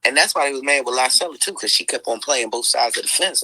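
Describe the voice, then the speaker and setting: Sharp-voiced woman ranting on a livestream. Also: rumbling low, fast, no room sound, low-quality recording. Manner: profane, exclaiming, lots of sighs and mm-mm. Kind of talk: heated livestream commentary.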